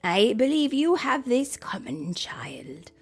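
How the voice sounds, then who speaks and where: A wise, kindly old woman speaks slowly and gently, with old-fashioned turns of phrase, as a woman reading a storybook puts her on. Her lilting voice rises and falls warmly, with soft music faint behind. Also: a little high, sing-song, voice pushed up, exaggerated voice. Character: oldest Amish woman, wise and kindly elder.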